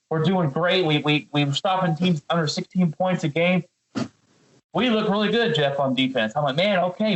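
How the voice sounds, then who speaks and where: On a sports podcast, a man rants heatedly about a football game, his voice a bit high and bright. He keeps addressing his co-host by name and stumbles over repeated words as his anger rises, all on poor audio.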